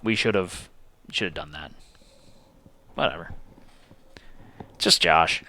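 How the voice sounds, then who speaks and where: A man hosting a streamed board game session, reading rules aloud and counting dice in a casual, animated way. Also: deep voice, slow pace, vocal fry. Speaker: game host.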